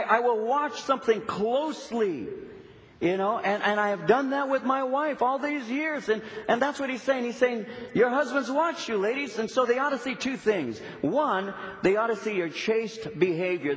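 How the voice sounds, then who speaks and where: A middle-aged male pastor preaching a sermon, telling stories animatedly and acting out little dialogues. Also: high voice. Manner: animated storytelling, acts out dialogue. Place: church sanctuary. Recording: long hall reverb, faint noise.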